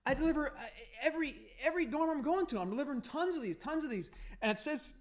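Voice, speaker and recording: A man's voice: very high voice, quick pace. A man hosting a podcast, telling a story in casual, profane, heated rambling. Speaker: podcast host.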